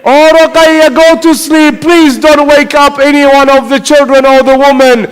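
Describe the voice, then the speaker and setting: A man's voice: extremely high pitch, level tone, moderate pace, big-room sound. A man playing a weary woman soothing a child. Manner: gentle, pleading.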